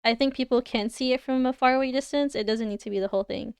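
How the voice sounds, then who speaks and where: Speaking fast in a high, clear, resonant voice, a young Canadian woman chats and giggles with her livestream audience while reviewing design work. It's a dry, studio-quality recording.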